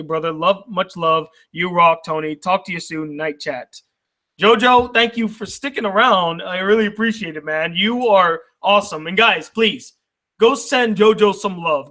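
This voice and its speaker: A man's voice: high voice, bright, forceful tone. A man hosting a casual vlog, reading fan mail aloud and chuckling often, at times getting emotional. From United States. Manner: laughs often, chuckling through his reading; emotional, says he is tearing up.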